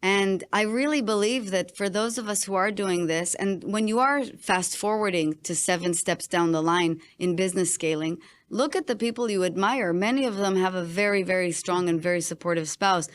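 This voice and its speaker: A woman's voice: mid-range voice, normal speed, few pauses. A middle-aged woman coach hosting an interview, reflective and affirming, asking probing questions. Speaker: coach and podcast host. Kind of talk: conversational interview.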